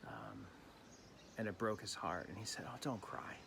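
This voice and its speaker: A man giving a gentle, reflective evening prayer reflection as a pastor, recorded at home during lockdown. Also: low-pitched, big pitch swings, moderate pace, creaky, background noise.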